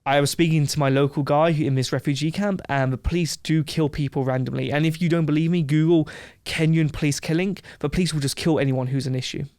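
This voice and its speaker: A man from England, a podcast guest telling a brash, animated story in casual chat. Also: a little high, fast talker, hardly any pauses, no echo.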